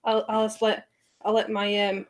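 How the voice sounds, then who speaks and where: A woman's voice: mid-range voice, completely flat delivery, moderate pace. A woman chatting casually on a stream, laughing often. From England. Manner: giggly, chatty.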